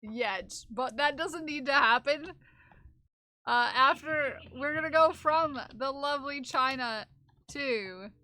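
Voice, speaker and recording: Slow, bright-voiced giggly woman streamer. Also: sits high. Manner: chatty, giggly, reads chat aloud. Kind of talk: casual live-stream chat.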